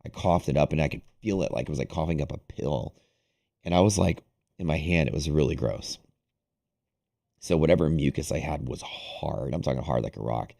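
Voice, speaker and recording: Casual streamer host, young man, very deep voice, loose rambling storyteller. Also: fairly quick, gravelly. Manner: rambling, animated, heavy use of "like". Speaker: day-trading livestream host. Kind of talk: casual storytelling to a live audience.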